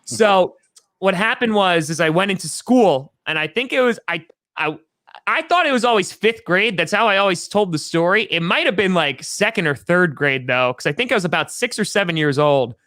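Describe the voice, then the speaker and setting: A man in his thirties from New York, an upbeat podcast guest chatting casually and repeating himself when excited. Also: high voice, normal speed, no room sound. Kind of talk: casual chat.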